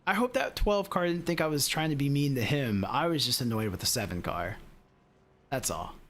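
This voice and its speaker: A man's voice: medium pitch, lively intonation, moderate pace, a bit bright, a little hiss or hum. A man streaming sim racing, chatting casually and rambling to his viewers with lots of fillers. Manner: rambling, talks straight to chat with lots of fillers. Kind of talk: casual live-stream chat.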